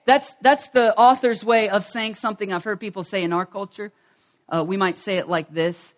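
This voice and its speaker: A pastor preaching a lively sermon in a church service. The delivery is energetic, with key phrases repeated and call-and-response lines for the congregation to echo. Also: mid-range voice, moderate pace.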